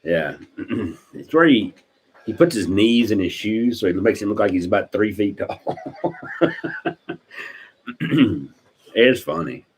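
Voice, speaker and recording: A man, chatting casually on a live stream, rambling through stories, clearing his throat often and laughing at his own jokes. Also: lowish voice, expressive, takes it slowly, pauses often, slight background noise, rough recording. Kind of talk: casual chat.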